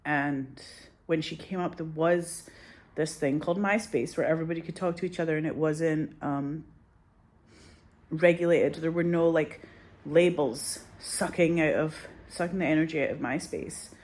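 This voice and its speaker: Anxious rambling woman, low voice. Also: normal speed, darkish tone. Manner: rambling, swears often, anxious and candid. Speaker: vlogger. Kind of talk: casual chat to camera.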